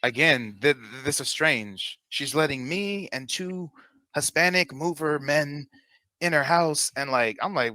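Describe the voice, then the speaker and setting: A man's voice: medium pitch, slow pace, sharp tone, dry recording. A man casually retelling a personal story in a played clip, candid and profane.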